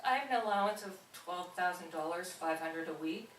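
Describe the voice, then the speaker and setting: A woman's voice: lowish voice, lively intonation, moderate pace, a bit bright, a little hiss or hum. A woman voicing a rich, fairly arrogant young man in her own everyday voice, speaking in an offhand way at a live bookstore reading. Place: bookstore event space. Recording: distant, roomy live reading.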